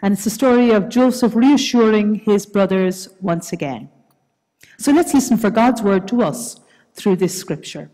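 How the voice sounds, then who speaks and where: A woman with a Northern Irish accent leading worship and reading scripture aloud in a church service, slow, measured and soft-spoken. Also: mid-range voice, animated. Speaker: worship leader. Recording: reverberant church hall.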